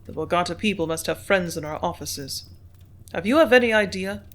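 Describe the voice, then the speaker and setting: An audiobook reader voicing a measured, business-minded male company manager who speaks in calm, dictating tones. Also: medium pitch, close to an everyday voice.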